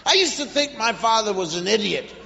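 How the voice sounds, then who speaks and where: A man's voice: high-pitched, lively intonation, fairly quick, vocal fry, background noise. A man doing a stand-up comedy routine, animatedly telling stories and mimicking parents and children. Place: comedy stage before an audience. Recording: live stage recording with long reverb.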